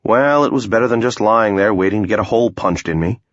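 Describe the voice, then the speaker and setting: A man's voice: fairly low pitch, fast talker, no echo. Guy reading a fantasy book in first person, wry, kinda muffled, no room sound. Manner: wry, understated. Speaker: audiobook narrator.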